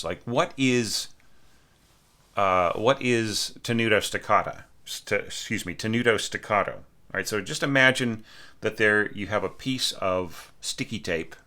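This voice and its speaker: A man's voice: fairly low pitch, sharp tone. A man teaching orchestration, casually thinking aloud as he critiques a student's score and sings rhythms as nonsense syllables.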